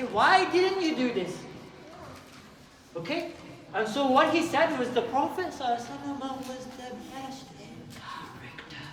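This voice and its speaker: Guy teaching kids at a youth night, lively, keeps asking them stuff, roomy hall, mic far off, crowd noise. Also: extremely high pitch. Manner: animated, questions and calls out to listeners. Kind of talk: lively talk to a youth group. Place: community hall with young audience.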